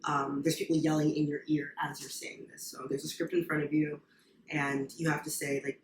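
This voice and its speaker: A young woman who served as a Marine, chatting casually as a podcast guest and telling her stories in an animated way, often laughing. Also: low voice, fairly quick. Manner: animated storytelling, frequent laughs. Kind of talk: casual chat. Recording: echoey room, faint noise.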